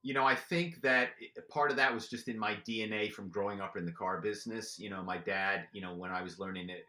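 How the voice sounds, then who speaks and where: A man with a bright, forceful tone tells stories as a podcast guest. His delivery is lively and chatty, full of "you know"s. The room adds a noticeable echo. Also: lowish voice, quick pace. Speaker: podcast guest, former corporate spy. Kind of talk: animated storytelling.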